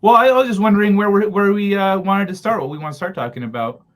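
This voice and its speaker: A man's voice: sits high, quick pace, fairly bright tone. A man hosting a live gaming talk stream in a casual, hesitant way, with lots of fillers and questions to his co-hosts. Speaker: host.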